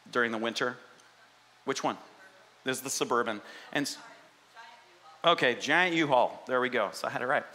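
A man pastor preaching a sermon in an animated, conversational way, often asking the congregation questions. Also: medium pitch.

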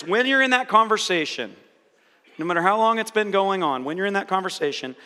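A man giving a sermon-style teaching, animated, acting out quoted inner voices. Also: high-pitched, brisk. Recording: reverberant hall.

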